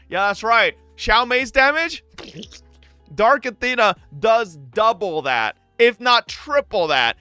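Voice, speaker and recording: A man streaming live, ranting to his chat in an excitable, profane, animated way. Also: very high voice, takes it slowly, clear, resonant tone, no room sound, faint music behind. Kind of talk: livestream rant to chat.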